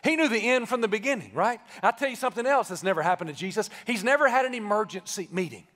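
A man preaching a live sermon as pastor, conversational and joking, then building to shouted emphasis. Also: high-pitched, expressive, fast. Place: church sanctuary, live service. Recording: live church with long reverb.

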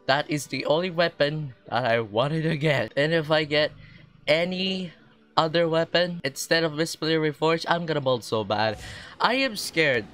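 Young male gaming vlogger, slightly high voice, theatrical and over-the-top, faint music underneath. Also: moderate pace, dry recording. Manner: melodramatic, swinging from nervous pleading to loud frustrated ranting. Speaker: gaming video creator. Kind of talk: gaming vlog commentary.

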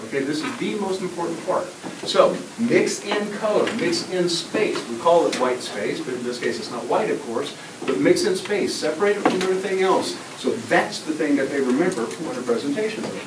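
A middle-aged man giving an energetic, interactive presentation to a school class, often asking the children questions. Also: on the high side, brisk. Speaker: guest presenter. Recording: echoey classroom taped from far off with noise.

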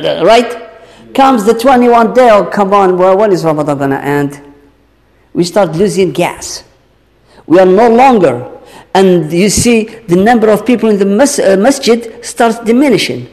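Male lecturer addressing a congregation; slow, emphatic rhetorical questioning; echoey hall recording. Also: high voice, animated, gravelly, a little mellow. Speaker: Islamic teacher. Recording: long reverb of a large hall.

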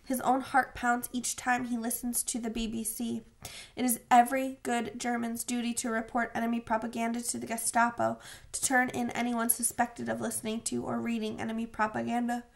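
A woman narrating an audiobook in a steady, measured way. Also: a little high, vocal fry.

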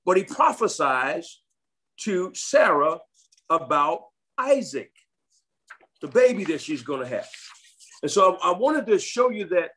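A man preaching a sermon, reading scripture aloud and breaking in with emphatic comments, repeating phrases for stress. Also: sits high. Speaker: pastor.

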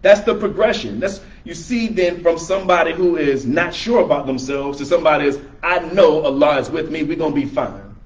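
A man leading a religious class, talking through verses in an easygoing, explanatory way and restating them in everyday words. His voice sits a little high for a man, and the camera audio is dull and lo-fi. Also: brisk, hardly any pauses. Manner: conversational, rephrasing verses in plain words. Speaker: religious teacher. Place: room with a small audience, filmed by camera.

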